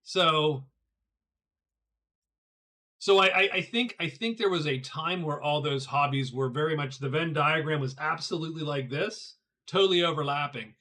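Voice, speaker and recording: Speaking at normal speed in a fairly high, bright, forceful voice, this middle-aged man plays a board game alone on stream. He chats loosely with his audience as he reasons aloud, tripping over and repeating words.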